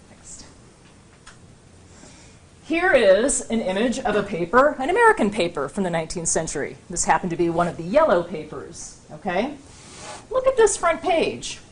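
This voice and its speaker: A woman university lecturer with a higher, slightly breathy voice gives a public talk with slides in a lecture room before a live audience. She speaks conversationally, often checking in with listeners by asking "right?" and "okay?".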